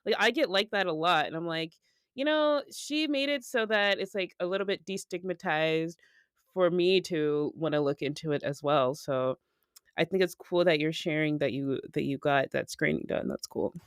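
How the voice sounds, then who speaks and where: A woman's voice: deep voice, moderate pace, clear, resonant tone, dry recording. A woman in her thirties co-hosting a podcast, chatting casually and laughing often as she tells stories. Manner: giggly, animated storytelling. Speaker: podcast co-host. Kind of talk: casual chat.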